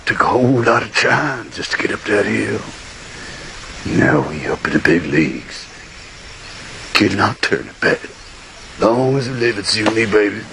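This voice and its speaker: A brash, theatrical male figure from a film, speaking in a bright, gravelly voice. His pitch swings widely as he declaims. A soft music bed sits under the film clip. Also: big pitch swings, normal speed, long pauses, slight background noise, heavily acted. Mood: declaiming. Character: brash male movie character giving a bold speech. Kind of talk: film dialogue.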